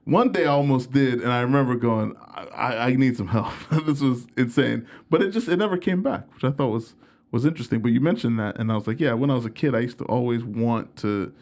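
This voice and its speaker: A man's voice: medium pitch, fast, a little mellow. Young male comedian guest, casual storyteller, profane and self-mocking.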